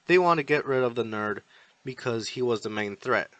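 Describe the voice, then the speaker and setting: A man's voice: medium pitch, lively intonation, moderate pace, a bit bright, no room sound, lightly acted. A man voicing a brash, hot-tempered young man who snaps insults, in a fan story reading. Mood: scornful. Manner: scornful, snapping insults.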